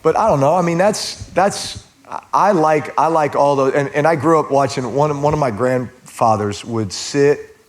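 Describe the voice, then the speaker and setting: Lively, laughing man from Texas. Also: a little high, moderate pace. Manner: lively storyteller, laughs often. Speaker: guest. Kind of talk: casual chat.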